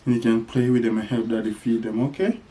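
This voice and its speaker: In a home vlog, a dad with a dark, mid-range voice speaks quickly and with fairly even intonation, singing playfully to his toddler and making animal noises as he teaches the baby.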